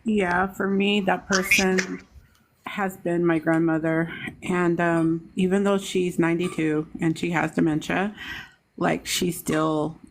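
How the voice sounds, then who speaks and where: Lively woman with a lowish voice. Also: slow pace, gravelly, a little hiss or hum. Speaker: podcast panelist. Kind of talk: casual chat.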